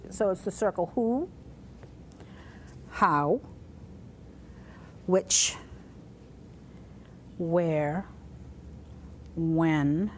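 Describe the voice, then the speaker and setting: A woman teaching a sign language class, talking through each sign as she shows it, with pauses and fillers. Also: medium pitch, darkish tone, a little hiss or hum. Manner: demonstrative, talks through signs with pauses and fillers.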